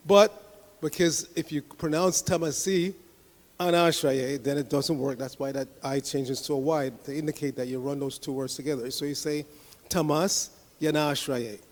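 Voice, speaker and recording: A man's voice: mid-range voice, darkish tone, big-room sound. A man leading a scripture class, chanting verses line by line and patiently explaining and correcting the pronunciation. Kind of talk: leading a scripture reading with call-and-response chanting.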